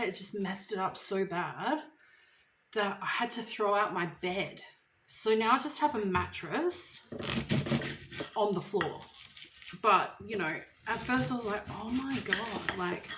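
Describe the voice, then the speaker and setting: Onion-chopping has this vlogger teary, and in a mid-range voice she keeps groaning about her stinging eyes, joking at her own expense as she casually talks to camera while cooking. Her home kitchen is echoey and noisy, with pots and dishes clattering.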